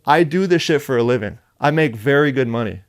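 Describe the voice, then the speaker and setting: A man's voice: mid-range voice, lively intonation, brisk, no echo, clean studio sound. A male rapper as a podcast guest, telling stories bluntly and with heavy profanity in casual conversation. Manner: blunt, heavily profane, heated. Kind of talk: casual interview storytelling. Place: podcast studio.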